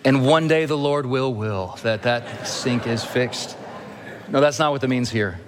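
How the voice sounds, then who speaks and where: Man preaching in a reverberant hall. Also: mid-range voice. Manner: earnest expository preaching with slow emphatic phrases. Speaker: pastor. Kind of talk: sermon. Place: church sanctuary.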